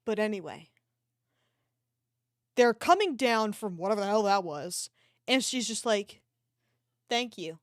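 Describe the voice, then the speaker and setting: A woman's voice: mid-range voice, lively intonation, unhurried, long pauses, no echo, clean studio sound. A woman chatting casually on a livestream, rambling and swearing freely while she retells a film. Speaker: art streamer. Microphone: desk microphone.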